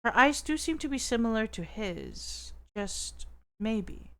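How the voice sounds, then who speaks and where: A young woman streamer reads a game's story aloud slowly, adding playful, laughing commentary over game music. Her voice is high, expressive, and fairly bright.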